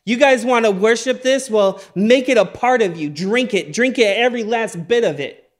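A man's voice: extremely high pitch, normal speed. A man voicing a furious older man confronting his brother, bursting out and stammering in disbelief. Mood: exasperated. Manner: exasperated, stammering outbursts.

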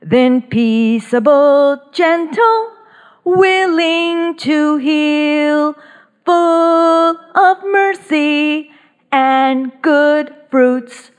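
A woman reads scripture aloud in a high voice. She draws out every phrase very slowly and deliberately, sometimes half-singing the words. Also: soft background music. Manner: very slow, deliberate phrasing, some lines half-sung. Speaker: Bible study reader. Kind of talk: slow scripture reading and declarations.

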